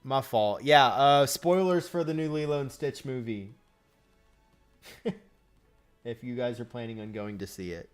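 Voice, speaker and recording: A man's voice: medium pitch, unhurried, long pauses, smooth, soft background music. A man hosting a casual live stream, chatting with viewers and reacting as he goes.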